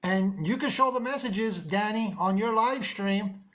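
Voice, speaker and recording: High-pitched scolding livestream host. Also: male voice, unhurried, fairly bright tone. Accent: Mexican-American. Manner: scolding, insistent, repeats himself. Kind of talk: confrontational livestream talk.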